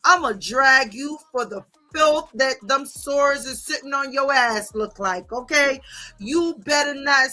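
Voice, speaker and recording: A woman livestreamer rants in a bright, forceful voice that sits a little high. She curses freely and drives her points home with repeated "okay?" tags. Faint music plays underneath. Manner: profane, confrontational, repeats "okay?" and "bitch". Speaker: livestream host. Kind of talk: heated livestream rant reading viewer comments.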